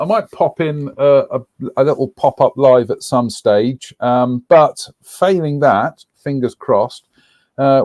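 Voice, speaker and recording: Male co-host, casual and rambling, mid pitch, dry close sound. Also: darkish tone, no room sound. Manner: rambling, frequent ums, reading out viewer names. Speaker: co-host of a live stream. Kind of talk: casual live-stream chat.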